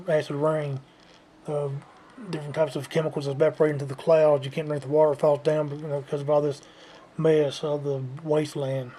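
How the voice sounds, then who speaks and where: A man's voice: fairly high pitch, dark tone, slight background noise. A man delivering an unscripted, repetitive lecturing rant to his viewers. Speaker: vlogger. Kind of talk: unscripted ranting monologue.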